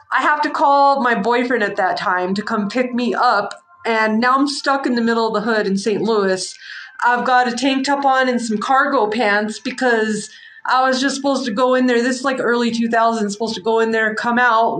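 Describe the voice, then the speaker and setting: Animated, rambling woman in an echoey room. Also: on the high side. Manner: animated, rambling, frank with slang. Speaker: psychic reader and livestream host. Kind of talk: casual storytelling on a livestream.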